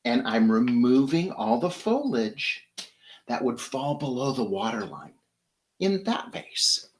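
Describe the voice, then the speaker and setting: A man's voice: medium pitch, big pitch swings, slow. A man hosting a flower-arranging demonstration in his home flower studio, talking in an upbeat, enthusiastic teaching manner. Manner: upbeat, enthusiastic instructional talk. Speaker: florist host.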